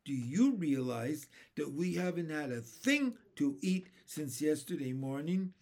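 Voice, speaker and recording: A gloomy blind earthworm grumbles that everything will end in disaster, as a man reads it aloud. The storybook voice is pitched up and lively, dragging out each complaint. It speaks loudly and slowly. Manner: complaining, doom-laden.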